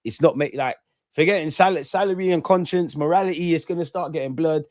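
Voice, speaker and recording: A young man from England in his twenties, chatting casually on a live stream, slangy and animated, repeating himself and swearing freely. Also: on the high side, fairly quick, no echo, studio quality. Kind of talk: casual live-stream chat reading viewer comments.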